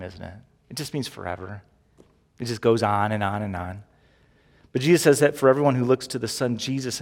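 Male pastor, conversational sermon, mid-pitched voice, long hall reverb. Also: vocal fry. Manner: conversational preaching, direct questions to the congregation.

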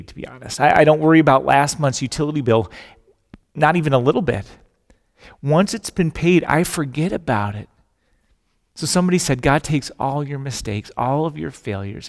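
Pitched on the high side with vocal fry and a long reverb tail, a pastor delivers a sermon full of stories and jokes. He acts out the voices in the tales he quotes.

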